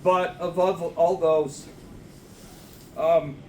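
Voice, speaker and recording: A man's voice: on the high side, little pitch movement, extremely slow, roomy sound, far from the mic, a little hiss or hum, rough recording. A man, the son of the deceased, speaking at a memorial service in a church, rambling and self-deprecating. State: getting emotional. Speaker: son giving a eulogy. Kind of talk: memorial speech. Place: church sanctuary.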